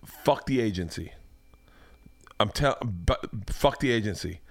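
A man's voice: lowish voice, animated, measured pace, dry recording. A man hosting a podcast, chatting casually and telling stories, swearing freely and laughing as he talks. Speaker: podcast host. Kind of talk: casual chat, storytelling. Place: home man cave.

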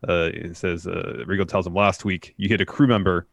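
A deep-voiced man retelling events in order, easygoing and plain. The sound is dry and close, with no echo. He moves through the story step by step, with the odd "uh". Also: brisk, vocal fry. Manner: steady play-by-play retelling with fillers. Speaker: podcast co-host. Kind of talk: casual recap narration.

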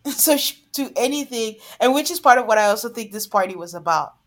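A woman co-hosting a podcast, chatting casually in a fairly high voice. She laughs often and lets her sentences drop to a soft trail. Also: expressive, fairly quick. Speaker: podcast co-host. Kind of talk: casual chat.

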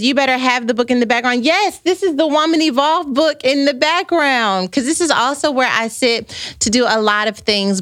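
A middle-aged woman hosts a casual podcast livestream, chatting playfully and reading out viewer comments. Her voice sits a little high. The sound is close and dry, with no room around it. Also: fairly bright tone, no echo. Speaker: podcast host.

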